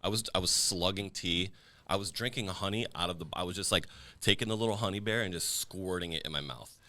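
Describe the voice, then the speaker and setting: Deep-voiced fast-talking male podcast host. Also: sharp tone. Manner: joking, quick banter. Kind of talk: casual podcast chat.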